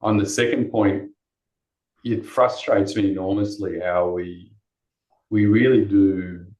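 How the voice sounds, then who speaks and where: A man's voice: lowish voice, steady tone, takes it slowly, darkish tone, dull audio. A man on a webinar panel, answering in a passionate, rambling way and poking fun at himself. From Australia. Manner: passionate, rambling, self-deprecating. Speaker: panelist, race discrimination commissioner. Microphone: video call. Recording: echoey room over a video call.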